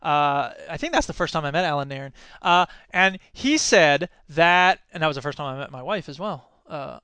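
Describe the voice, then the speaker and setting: An American man in his thirties telling a story in a talk, animated, acting out quoted voices, with many fillers and restarts. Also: on the high side, normal speed, clean tone, no room sound. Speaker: speaker giving a talk. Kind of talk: storytelling lecture.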